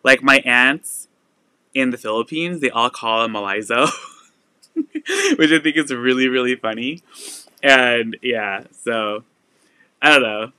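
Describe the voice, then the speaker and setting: Man, young adult, live sale host, casual chatty talk, bright, smooth clean tone. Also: medium pitch, very animated, takes it slowly, pauses often, dry recording. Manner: chatty, with frequent "like" fillers and laughs. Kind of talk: casual live-stream chat.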